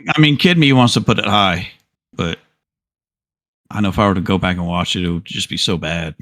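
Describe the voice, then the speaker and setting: A man's voice: sits low, fairly quick, a bit bright, no echo, clean studio sound. A man on a casual chat panel, talking hesitantly as he thinks aloud.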